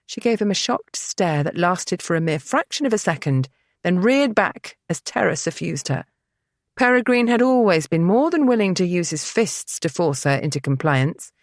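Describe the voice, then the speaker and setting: A woman narrating a historical romance novel in a steady, dramatic storytelling manner. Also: lowish voice, moderate pace, dry recording, studio quality. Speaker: audiobook narrator. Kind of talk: scripted narration.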